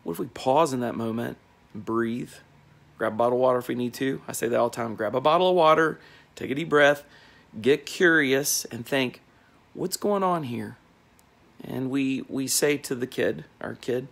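A man's voice: medium pitch, moderate pace, vocal fry, a bit bright. A middle-aged man, a life coach, musing earnestly over a verse in a casual reflective talk full of rhetorical questions.

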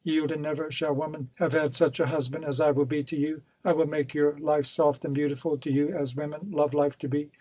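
A man's voice: a little high, flat delivery, brisk, hardly any pauses, mellow, breathy edge, no room sound. Man reading a cold, scheming villain. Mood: villainous. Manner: cold and insistent, turning coaxing. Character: scheming, ruthless male villain, pleading and menacing.

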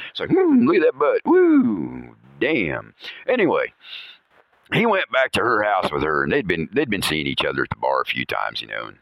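A middle-aged man hosting a podcast, telling a crude rambling comic story with chuckles, dropping to low mutters and jumping to high exclamations. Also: sharp tone, no room sound, rough recording. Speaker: podcast host.

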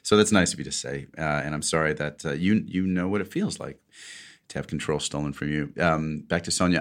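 Middle-aged male podcast host, very low voice, chatty and self-deprecating, laughs easily. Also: fairly quick. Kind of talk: casual podcast chat, reading a listener letter.

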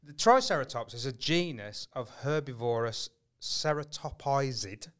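A man's voice: mid-range voice, expressive, moderate pace. A man co-hosting a podcast in casual chat, reading facts aloud. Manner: reads facts aloud, chuckles. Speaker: podcast co-host.

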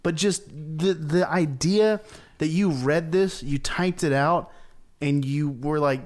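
A man's voice: on the high side, slow pace, a little mellow. Earnest young man in sports chat. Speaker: podcast co-host.

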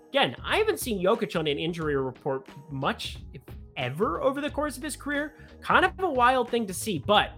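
A man hosting a casual sports betting show, chatting through his picks with joking asides about himself. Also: high voice. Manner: animated, chatty, with self-mocking asides.

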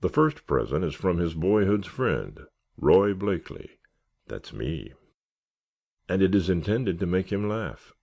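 A man's voice: deep voice, sing-song, measured pace, vocal fry, a little mellow, exaggerated voice. A man reading the part of an irrepressible, wisecracking teenage boy scout who jokes in a mock-formal, punning way. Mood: joking. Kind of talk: audiobook character reading.

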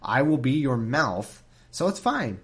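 A man's voice: mid-range voice, big pitch swings, a little slow, a bit bright. A man doing an impatient, offhand God. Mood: exasperated. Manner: offhand, dismissive paraphrase. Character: exasperated impatient God, grown man, brushing things off.

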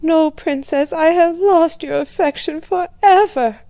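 A woman's voice: very high-pitched, unhurried, dark tone, no room sound, voice pushed up. A woman voicing a tearful, distraught young female companion. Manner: tearful, emotional.

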